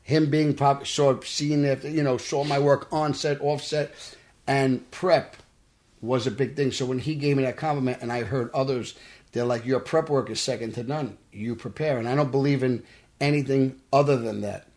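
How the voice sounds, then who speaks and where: A man tells his story in earnest, at an ordinary middle pitch. He slips into the voices of the people he quotes, as a guest in a studio interview. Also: fairly even intonation, moderate pace, darkish tone. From Brooklyn, New York. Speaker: actor guest. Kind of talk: casual podcast interview.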